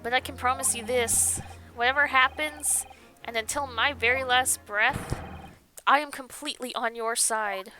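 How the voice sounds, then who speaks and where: A woman's voice: on the high side, steady tone, moderate pace, over music, natural voice. A woman reading an earnest young lawyer. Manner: sincere, reassuring. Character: earnest young male law student defending his client. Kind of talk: game dialogue read aloud.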